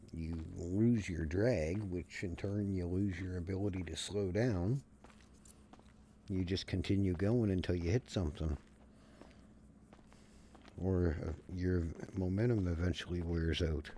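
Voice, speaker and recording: A man's voice: low-pitched, unhurried, long pauses, dark tone, a little hiss or hum. A man chatting casually while streaming a game, rambling and swearing freely in a folksy rant. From Canada. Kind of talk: casual chat while gaming.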